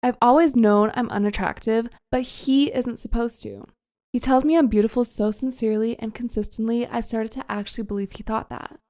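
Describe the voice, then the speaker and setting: A woman narrates a first-person confession story in a steady, subdued manner. Her voice sits slightly high for a woman. She keeps the reading even and unhurried from line to line.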